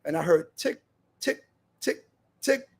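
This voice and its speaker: A man voicing a calm, patient wife who keeps gently questioning her husband. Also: very high voice, fairly quick, slightly rough, full character voice. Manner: questioning, steady.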